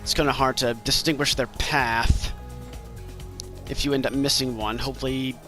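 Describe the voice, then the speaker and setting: Male gamer from Maine, joking commentary, bright lively delivery, game music underneath. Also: mid-range voice, normal speed. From Maine, USA. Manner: playful, jokey, talks to the game characters. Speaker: gameplay commentator. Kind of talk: casual gameplay commentary.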